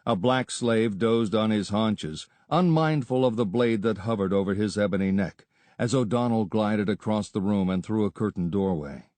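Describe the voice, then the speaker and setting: A man reading an adventure story aloud as narrator, in a steady, measured storytelling manner. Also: lowish voice, no room sound. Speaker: audiobook narrator. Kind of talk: scripted narration.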